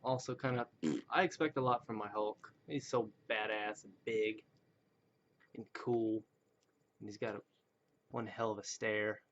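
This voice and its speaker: A man with a fairly low voice and fairly even intonation reviews action figures on webcam, speaking at a measured pace and pausing often. He rambles casually, makes fun of himself, and slips into joke voices; the lo-fi recording is dull, with slight background noise.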